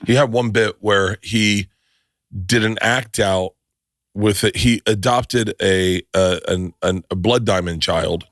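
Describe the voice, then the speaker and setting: A middle-aged man hosting a podcast, chatting casually and telling stories with lots of swearing and quick restarts. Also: lowish voice, fairly bright tone, dry recording, studio quality. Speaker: podcast host. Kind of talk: casual chat.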